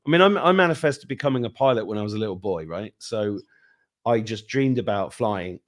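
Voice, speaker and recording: A man's voice: on the low side, a little fast. A man hosting a casual interview over a video call, telling stories and acting out quoted exchanges. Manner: animated storyteller, acts out quoted voices. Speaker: podcast host. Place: home in Ireland.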